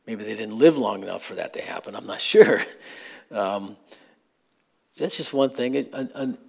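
A man's voice: medium pitch, vocal fry. A man preaching a sermon as pastor, conversational and questioning, building to earnest appeals to the congregation. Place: church sanctuary.

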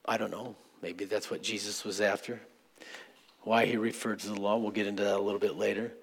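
A man's voice: fairly low pitch, flat delivery, brisk, vocal fry, breathy edge. A man preaching a sermon as pastor, conversational and questioning, building to earnest appeals to the congregation. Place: church sanctuary.

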